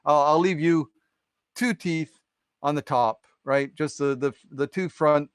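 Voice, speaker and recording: A man's voice: on the high side, measured pace, smooth, no room sound, lightly acted. A man voicing an angry weasel who scolds the thief in an indignant tone. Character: angry male weasel farmer.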